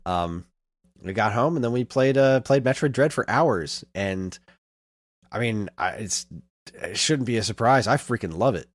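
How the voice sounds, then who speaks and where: A man in his thirties co-hosting a podcast, telling a long story in casual chat and getting animated as he retells it. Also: on the low side, normal speed, dry recording. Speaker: podcast co-host.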